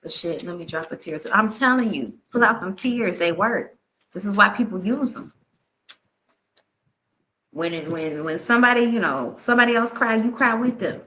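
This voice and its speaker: Woman, tarot reader, animated, slangy, bright tone. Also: medium pitch, moderate pace. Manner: animated, laughing, slangy and candid. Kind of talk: live tarot reading and storytelling.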